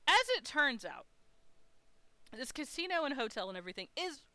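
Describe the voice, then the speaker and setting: Woman streamer, bright crisp voice, dry close mic, frank chatty storyteller who swears. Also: sits high, big pitch swings, normal speed, no room sound. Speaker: live-streaming artist. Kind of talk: casual storytelling on a live stream.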